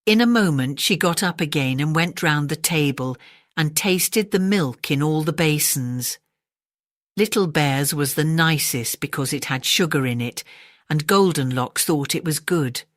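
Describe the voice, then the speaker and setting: A woman with an English accent reads a bedtime story in a gentle, measured way. Her voice sits low, and the recording is dry and close. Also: no echo. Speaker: audiobook narrator.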